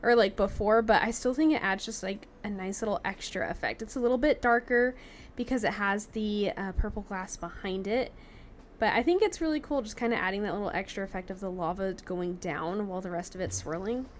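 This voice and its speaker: A young woman hosting a let's play video game commentary, chatty and excitable, breaking into panicked yelps. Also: mid-range voice, a little fast, slight background noise. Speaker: gaming channel host.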